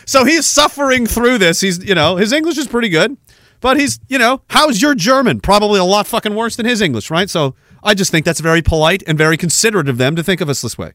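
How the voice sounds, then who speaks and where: A man's voice: sits high, lively intonation, brisk, a bit bright, no room sound, studio quality. A man hosting a podcast, ranting in a heated, sarcastic, profane way and laughing often. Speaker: podcast host.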